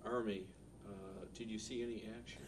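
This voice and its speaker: A man asking oral history interview questions in a hesitant, halting way. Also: lowish voice, steady tone. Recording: distant mic with noticeable background noise.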